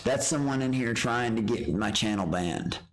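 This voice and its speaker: A man's voice: medium pitch, expressive, normal speed, a little hiss or hum, low-quality recording. A man streaming live, ranting in a rambling, boastful way and trash-talking profanely. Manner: rambling with restarts. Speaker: livestreamer. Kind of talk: rambling livestream rant.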